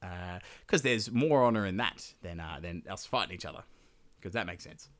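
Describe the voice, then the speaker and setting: A man voicing a calm royal adviser who smooths things over and tries to keep the peace, in a comedic podcast retelling. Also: sits low, normal speed, pitched below the performer's own voice. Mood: placating. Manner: soothing, placating.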